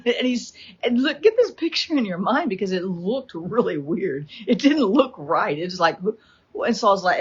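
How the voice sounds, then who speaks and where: A woman teaching a Bible study, retelling the story with animated energy and acting out the quotes. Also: medium pitch, moderate pace, husky. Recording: dull lo-fi recording.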